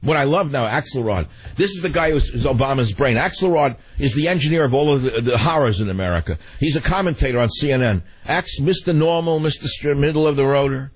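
A husky-voiced male talk radio host on a fast, heated rant. He stumbles over his words as he gets worked up and keeps firing questions at his listeners. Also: mid-range voice, expressive, poor audio. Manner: fast, emotional ranting that runs over its words. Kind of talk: political talk radio monologue.

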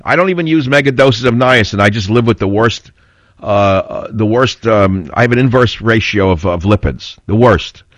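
On dull, slightly lo-fi radio audio from a studio mic with no echo, an older man hosts a talk radio show. His voice is fairly low and his pace moderate, and he is blunt and combative as he rambles through stories and opinions.

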